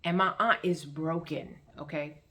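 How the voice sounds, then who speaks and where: A woman telling her personal story as testimony, in an animated, repetitive storytelling manner. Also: low-pitched, unhurried. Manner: animated storytelling with repeated phrases and acted-out quotes. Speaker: testimony vlogger.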